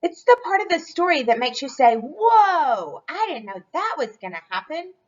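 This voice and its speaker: Woman doing a steady, patient storybook papa chicken with a lively lilt. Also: sits high, a little fast, muffled recording, voice pushed up.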